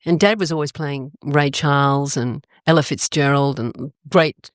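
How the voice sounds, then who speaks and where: An older Australian woman telling stories in a casual interview, animated and expressive, her pitch jumping up suddenly. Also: a little slow, dry recording, clean studio sound. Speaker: guest.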